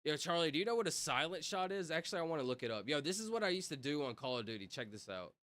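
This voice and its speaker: A man's voice: fairly high pitch, very animated, very fast, a bit bright. A young man streaming from home, chatting casually and rambling with lots of "like" and "bro". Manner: rambling, filler-heavy, says "like" and "bro" constantly. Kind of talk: casual livestream chat.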